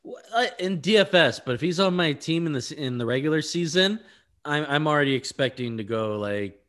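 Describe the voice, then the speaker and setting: A man co-hosting a casual sports podcast, rambling through his analysis with quick laughs and stumbling over names. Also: on the high side, expressive, a bit bright. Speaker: podcast co-host.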